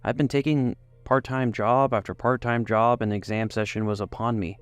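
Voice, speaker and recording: A man's voice: medium pitch, fairly even intonation, moderate pace, clear, resonant tone. Man reading a romance story. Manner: first-person, emotive reading. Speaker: narrator. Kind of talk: scripted story narration.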